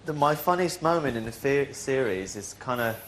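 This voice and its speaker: A man's voice: mid-range voice, normal speed, a little hiss or hum. Chatty young man. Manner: rambling, animated storytelling with restarts. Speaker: reality show housemate. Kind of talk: casual chat.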